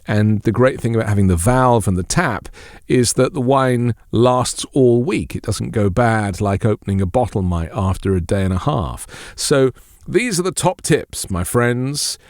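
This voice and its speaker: A man's voice: medium pitch, lively intonation, unhurried, a little mellow, dry recording, clean studio sound. A man hosting a casual podcast, chattily handing out tips with enthusiasm. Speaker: podcast host.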